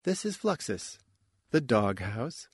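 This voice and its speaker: A wry, guarded young woman guide murmurs her dry asides, as a male narrator puts her on. The delivery is slow and unhurried. The sound is close and dry, with no room echo. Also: medium pitch, sing-song, slightly rough, exaggerated voice.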